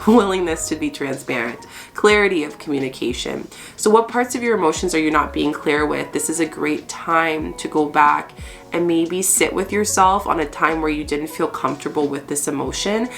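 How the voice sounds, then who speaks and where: A woman with a deep, creaky morning voice, just awake, hosts a spiritual channel and gives a chatty tarot card reading. She's warm and laughs often, shifting between fast and slow stretches.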